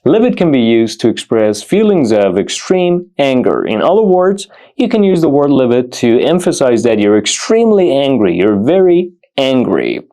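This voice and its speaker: A man teaching an English vocabulary lesson, repeating each example phrase slowly and deliberately. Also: mid-range voice, sing-song, mellow.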